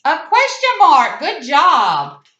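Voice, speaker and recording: A woman teaching young children in a slow, sing-song voice, pausing for answers and praising them warmly. Her voice sits a little high and sounds bright and crisp. It is recorded in an echoey room with a slightly dull, muffled sound. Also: wildly swooping pitch.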